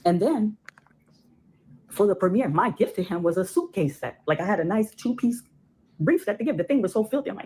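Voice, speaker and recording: A woman's voice: mid-range voice, animated, fast talker, darkish tone, husky, low-quality recording. A woman from Ohio, a filmmaker guest on a casual podcast, telling her side emphatically and repeating words for stress.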